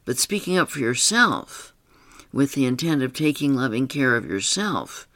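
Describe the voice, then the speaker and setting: A man working as a therapist, reading aloud a written story about a client in a calm, measured, explanatory way. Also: mid-range voice, no echo.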